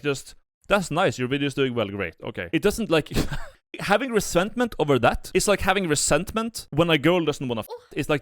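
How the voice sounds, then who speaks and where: Young male streamer, casual reaction commentary, halting and profane, very dry close sound. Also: mid-range voice, dry recording. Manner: rambling, many restarts and fillers, blunt profanity.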